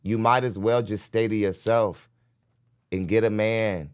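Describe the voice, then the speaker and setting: A man with a very low, smooth and resonant voice hosts a live podcast. He reacts bluntly to a clip and talks directly to his viewers, often breaking into laughter between points. He is recorded close on a studio mic. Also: fairly even intonation, unhurried.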